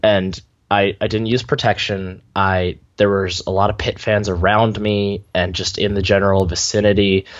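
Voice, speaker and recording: Deadpan male co-host on a dull line. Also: fairly low pitch, moderate pace, hardly any pauses. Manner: dry, deadpan humor. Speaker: podcast co-host. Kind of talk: casual sports podcast chat. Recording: slightly dull lo-fi sound.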